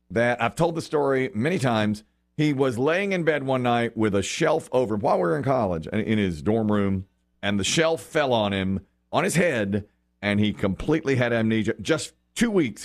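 A middle-aged man hosting a radio show, chatting casually and telling stories while acting out the voices of people he quotes. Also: medium pitch. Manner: animated storyteller who acts out quoted voices. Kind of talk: casual on-air chat.

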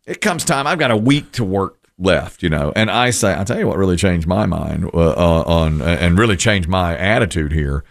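A man's voice: deep voice, moderate pace, vocal fry, hardly any pauses. A man in his fifties hosting a radio talk show, telling long stories and laughing often. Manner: storytelling, animated, laughs often. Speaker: radio host. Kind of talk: casual radio chat.

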